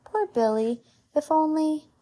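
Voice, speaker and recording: A woman's voice: high-pitched, animated, measured pace, dark tone, pitched above the performer's own voice. A woman reading aloud as a good-hearted, eager invisible boy. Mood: earnest. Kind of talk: storybook read-aloud.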